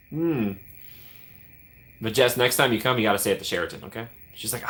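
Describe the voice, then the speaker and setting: A man's voice: fairly low pitch, a little fast, pauses often, a bit bright. A man hosting a casual livestream, rambling and chatty, laughing often and thanking viewers by name. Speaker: livestream host.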